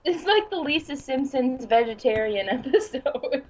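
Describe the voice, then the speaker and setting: A young woman co-hosting a casual chat, teasing and laughing, quick to cheer her friend on. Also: sits high, lively intonation, muffled recording, a little hiss or hum. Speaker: podcast co-host.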